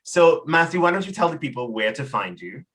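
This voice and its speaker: A man hosting a casual interview, friendly and quick to laugh. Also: fairly high pitch, big pitch swings, a bit bright. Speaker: host.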